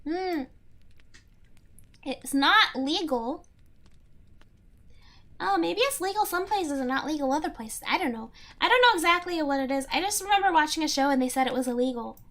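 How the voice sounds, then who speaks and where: Giggly female streamer: very high, bright voice, unhurried casual chat. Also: expressive. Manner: giggly, playful, chatty.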